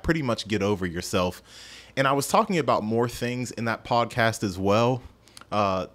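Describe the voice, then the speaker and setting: A man hosts a casual podcast music review in a somewhat low voice. He rambles and pokes fun at himself, often stumbling over his words as he goes. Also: fairly bright tone. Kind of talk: casual solo review chat.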